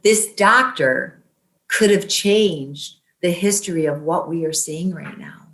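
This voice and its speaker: A woman's voice: lowish voice, slow pace, fairly bright tone, roomy sound. A woman guest in an interview, earnestly retelling a personal story and acting out the dialogue. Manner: emotional, earnest, retells events with quoted dialogue.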